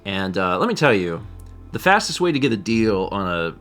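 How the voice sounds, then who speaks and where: A man co-hosting a live stream, chatting casually, reading chat messages and joking with squeaky put-on voices. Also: sing-song, moderate pace, fairly bright tone, soft background music. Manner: jokey, breaks into high squeaky put-on voices.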